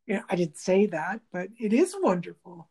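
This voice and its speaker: A woman's voice: on the low side, animated, moderate pace, mellow, breathy edge. A woman workshop teacher talking in a reflective interview, thoughtful and searching for words, often restarting.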